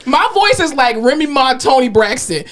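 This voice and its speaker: A woman co-hosting a podcast in casual chat, blunt and animated, swearing freely, with a slightly nasal speaking voice. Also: sits high, normal speed. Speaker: podcast co-host.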